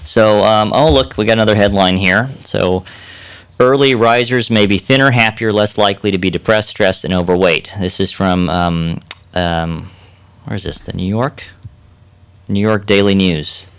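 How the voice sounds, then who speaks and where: Smooth low-voiced male radio doctor. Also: normal speed, no room sound. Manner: easygoing, chuckling, rambling with fillers. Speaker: radio health show co-host, doctor. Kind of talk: casual radio chat. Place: radio studio. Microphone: studio mic.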